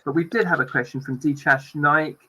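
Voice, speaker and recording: This man has a slightly high voice with a sharp, forceful edge. He hosts a panel discussion and moderates in a friendly, loose and chatty way. He speaks over a video call. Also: steady tone, fairly quick, breathy edge, rough recording. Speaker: podcast host.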